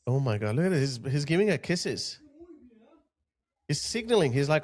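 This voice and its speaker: Animated, indignant man commentating clips. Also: a little high, normal speed. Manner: animated, indignant, laughing asides. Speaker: YouTube commentator host. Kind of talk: reaction commentary on video clips.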